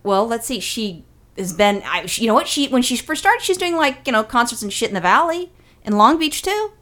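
A middle-aged woman from California, co-hosting a casual podcast, telling stories in a blunt, profane, animated way. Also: a little high, a little fast. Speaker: podcast co-host.

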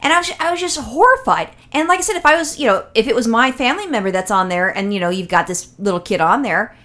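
A woman's voice: a little high, fast talker. A woman co-hosting a casual comedy podcast, rambling and profane as she tells stories. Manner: rambling, profane, animated storytelling. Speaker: podcast co-host.

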